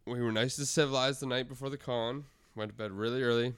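A man's voice: medium pitch, fairly even intonation, quick pace, a bit bright, clear, resonant tone, no echo. A man co-hosting a podcast, telling a con story in a laid-back way with stammered restarts. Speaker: podcast co-host. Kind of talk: casual chat.

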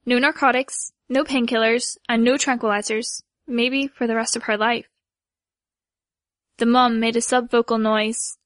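A woman with a somewhat high voice reads a first-person story aloud in a measured, steady way, giving the dialogue only light voicing. The recording is dry and close, with no room sound. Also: no room sound. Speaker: audiobook narrator.

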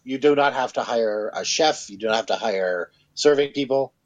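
A man's voice: mid-range voice, normal speed, dull audio. A man co-hosting a podcast, chatting casually about tabletop game spells with sardonic, mocking quips. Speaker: podcast co-host.

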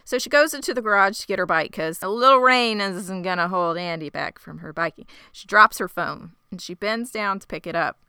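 Crisp, bright woman co-host. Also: medium pitch, a little fast, hardly any pauses, no room sound, clean studio sound. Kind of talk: casual chat recapping a story.

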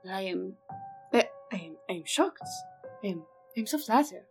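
A woman voicing an eager, scheming young woman who speaks in a hushed, coaxing way with a French flavor. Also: medium pitch, animated, moderate pace, faint music behind, natural voice.

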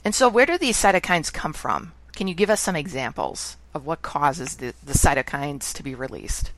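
A woman hosting a podcast, asking curious questions in a relaxed conversational way. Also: low-pitched, normal speed. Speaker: podcast host. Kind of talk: casual interview.

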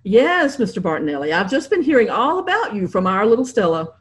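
A woman reading aloud and voicing a breezy, unflappable upper-class gentleman. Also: mid-range voice, big pitch swings, brisk, natural voice. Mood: smooth. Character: unflappable posh English gentleman, man.

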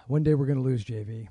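A man's voice: mid-range voice, warm tone, slight background noise. A man hosting a film podcast in casual chat, joking around and teasing callers. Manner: playful, breaks into joking song snippets. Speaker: podcast host.

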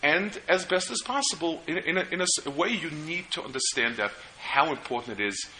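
A man giving a seminar lecture on parenting, earnest and halting, who tells stories between his points. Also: a little high, lively intonation, bright, forceful tone, a little hiss or hum, low-quality recording. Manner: earnest, storytelling, halting restarts.

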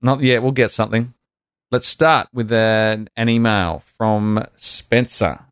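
Low-voiced man co-hosting a gaming podcast. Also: fairly even intonation, slow, clear, resonant tone, no room sound, studio quality. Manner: chatty, reads listener emails aloud. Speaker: podcast co-host. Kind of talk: casual chat.

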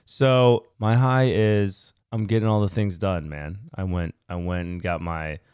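Low-voiced man, teasing and dry. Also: a little slow, smooth, no echo. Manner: teasing, joking, animated banter. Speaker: podcast co-host. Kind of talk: casual chat.

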